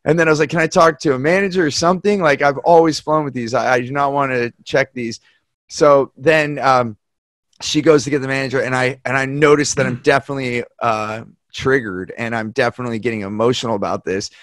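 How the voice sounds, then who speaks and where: A man's voice: mid-range voice, brisk, dry recording, studio quality. A man hosting a podcast, chatting casually and telling stories that he acts out with quoted voices. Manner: animated storyteller who acts out quoted people. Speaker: podcast host. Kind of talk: casual conversation, storytelling. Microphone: podcast mic.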